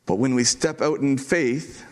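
A man preaching a sermon to his church as pastor, earnest and emphatic, repeating key lines with dramatic pauses. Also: mid-range voice.

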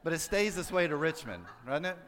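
A man's voice: a little high, big pitch swings, fairly quick, a bit bright. Man preaching in a big reverberant hall. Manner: conversational, drawing the audience in with tag questions. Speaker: pastor. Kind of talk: sermon.

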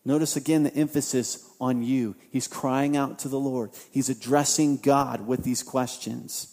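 A man preaching a sermon, swinging from loud, impassioned outbursts to quiet appeals and repeating phrases for emphasis. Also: mid-range voice, steady tone, unhurried. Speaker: pastor. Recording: long hall reverb.

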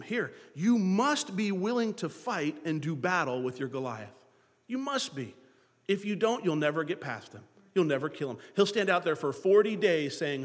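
Man, pastor, sermon, lively swooping delivery, fairly high voice, long reverb. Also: normal speed. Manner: animated preaching, acting out biblical dialogue.

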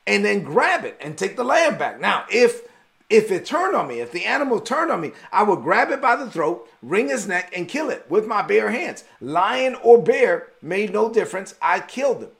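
Bold young shepherd hero, as a preacher puts him on, earnest, emphatic, high voice, gravelly edge. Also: male voice, very animated, normal speed, a bit bright, full character voice.

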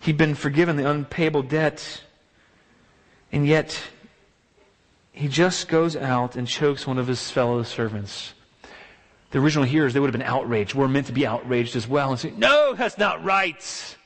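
A man's voice: medium pitch, fairly even intonation, moderate pace, pauses often. Emphatic male preacher in a reverberant hall. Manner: emphatic rhetorical exclamations and repetition. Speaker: pastor. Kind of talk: sermon.

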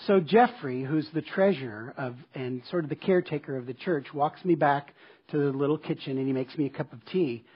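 A man's voice: a little high, a little fast, slightly rough, dull audio. A man preaching a sermon as pastor, telling a personal story in an earnest, emphatic way and returning to a repeated refrain. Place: church service.

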